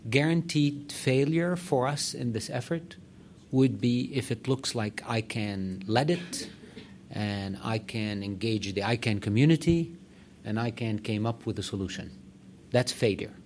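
A man's voice: mid-range voice, a little slow, a little mellow, a little hiss or hum. A man executive giving direct, emphatic remarks to a meeting. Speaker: organization executive addressing a meeting. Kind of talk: conference remarks.

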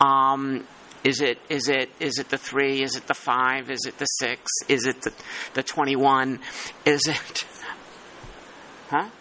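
A man chairing a working group meeting, talking in halting, thinking-aloud phrases with many restarts. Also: mid-range voice, flat delivery, sharp tone, a little hiss or hum, poor audio. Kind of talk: meeting discussion.

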